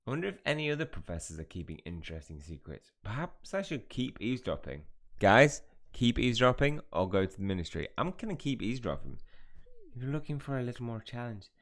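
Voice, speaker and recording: Male gamer, chatty let's-play host, low-ish voice, self-mocking. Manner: chatty, self-mocking, stumbles over lines. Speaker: gaming YouTuber. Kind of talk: let's-play commentary, reading game dialogue aloud.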